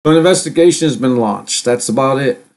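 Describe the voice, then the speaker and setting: A middle-aged man talking at a medium pitch, hosting a live stream. He reads headlines aloud and drifts into loose commentary, stopping and restarting his sentences with plenty of fillers. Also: expressive, darkish tone. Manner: rambling, halting, many fillers and restarts. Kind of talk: casual commentary reading news.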